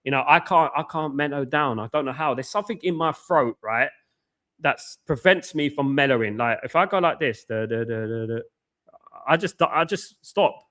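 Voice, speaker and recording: A married man from hosting a football watchalong, talking fast and passionately, with lots of repetition and shout-outs to chat. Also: on the high side. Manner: excitable, buzzing, repeats phrases, reads chat aloud. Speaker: watchalong host. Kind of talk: casual live-stream chat. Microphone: headphones with mic.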